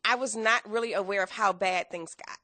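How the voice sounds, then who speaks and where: A woman in her thirties, a guest telling her story in a casual interview, animated and acting out quoted dialogue. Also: mid-range voice, brisk, no room sound.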